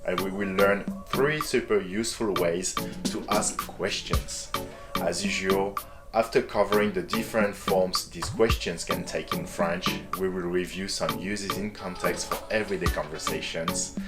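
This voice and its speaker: A man teaching a beginner French lesson, clearly modeling French example phrases and questions. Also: sits low, steady tone, a little slow, over loud music. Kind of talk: scripted online language lesson.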